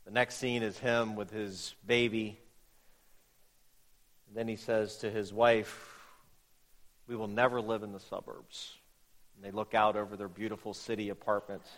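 A pastor delivering a sermon, moving from telling a story to emphatic preaching with repeated phrases. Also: male voice, on the low side, flat delivery, measured pace, long pauses, fairly bright tone. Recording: long reverb of a hall.

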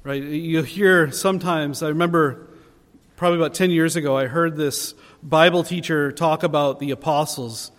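High-voiced man preaching in a reverberant hall. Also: steady tone, moderate pace. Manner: earnest preaching, rising in emphasis on key phrases. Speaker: pastor. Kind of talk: sermon. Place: church sanctuary.

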